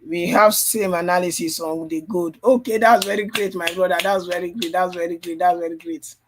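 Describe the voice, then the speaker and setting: Over a noisy background, a man with a high, fairly level voice talks briskly while hosting a trading livestream. Analyzing charts live and coaching, he comes across strained and weary, saying things again and again and constantly asking "you understand?"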